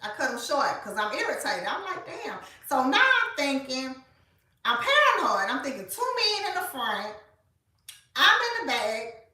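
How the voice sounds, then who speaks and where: A woman, telling a story in a casual, animated way and speaking straight to her listeners. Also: sits high, unhurried, recorded from a distance. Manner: animated, colloquial, addresses listeners as y'all. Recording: echoey room, voice off-mic.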